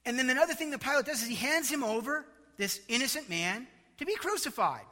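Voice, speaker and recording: A man delivers a sermon in a high, bright voice. He builds emphasis and slips into mocking asides. The sound rings with a long hall reverb. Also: animated, fast. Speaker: preacher.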